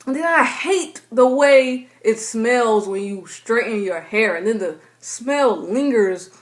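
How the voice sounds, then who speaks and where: A woman's voice: on the high side, animated, slow pace. A young woman, chatting casually to her camera and acting out her own thoughts in playful voices. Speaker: vlogger.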